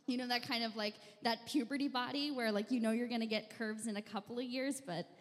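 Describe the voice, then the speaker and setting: A young woman telling a funny personal story on stage in a wry, self-mocking, deadpan way. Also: a little high, fairly quick. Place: live venue stage. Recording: long hall reverb.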